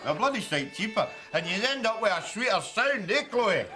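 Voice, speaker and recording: Over music, a male actor with a Glaswegian accent performs sitcom dialogue in a high, very animated voice at normal speed. He plays a sarcastic, mocking Glasgow man who lodges in a politician's home.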